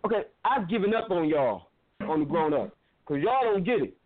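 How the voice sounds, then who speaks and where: A man's voice: high voice, big pitch swings, normal speed. A man giving an impassioned, preacherly talk on a talk show, telling a story and repeating phrases for emphasis. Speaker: guest, filmmaker. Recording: tinny phone-line audio.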